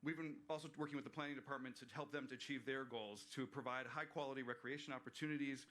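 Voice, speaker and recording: Man, mid pitch, bright, earnest presenter at a community meeting. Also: steady tone, fast talker, slight background noise. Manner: earnest, explanatory, with fillers and restarts. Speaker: park planner presenting. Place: waterfront venue, livestreamed meeting.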